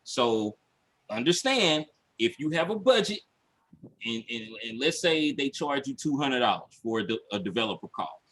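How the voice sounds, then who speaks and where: A man coaching his viewers in a casual livestream, emphatic and repetitive, acting out his own panic with shouts and laughs. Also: medium pitch, big pitch swings, normal speed. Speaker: online business coach.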